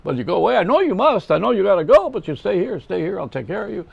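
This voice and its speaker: A man's voice: sits high, big pitch swings, fast talker, creaky, breathy edge, highs cut off, pitched above the performer's own voice, exaggerated voice. A man putting on an impression of an older male stand-up comic, sardonic and kvetching, in a needling sing-song delivery. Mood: crooning, wheedling.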